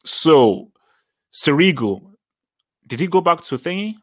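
A man's voice: a little high, sing-song, slow, a bit bright. Man thinking aloud through football lineups. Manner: thinks aloud, stammers and restarts while listing names. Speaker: podcast co-host. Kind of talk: casual football chat.

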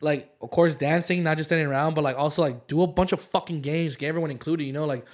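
A man's voice: fairly high pitch, fairly even intonation, fast. A young man co-hosting a casual podcast, rambling with lots of fillers. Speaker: podcast co-host. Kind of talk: casual chat.

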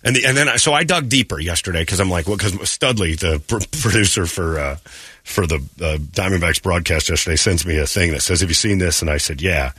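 A man's voice: low-pitched, fairly quick, pushed and bright, slightly rough, dry recording. A man hosting a morning radio show, telling stories in crude, joking, casual talk on a studio microphone.

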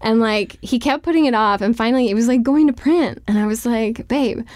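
A woman's voice: on the high side, fairly quick, darkish tone. A woman author speaking as an interview guest, chatty and candid, scattering "like" through her sentences with a wry, self-deprecating humor.

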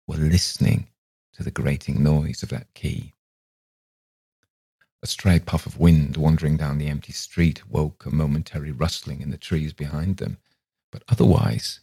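Very deep, gravelly male narrator. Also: dark tone, no echo. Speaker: podcast narrator. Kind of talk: scripted narration of a classic ghost story.

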